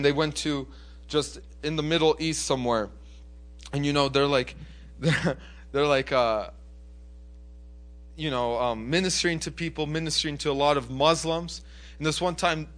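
A man preaching a sermon with passion, swinging from loud urgent appeals to hushed storytelling. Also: mid-range voice.

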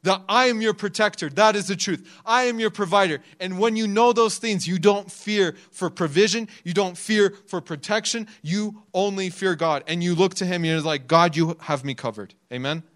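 A young man preaches a sermon conversationally, laughing often and acting out the quotes of the people in his stories. His voice is high-pitched and fairly bright, at a normal speed with hardly any pauses.

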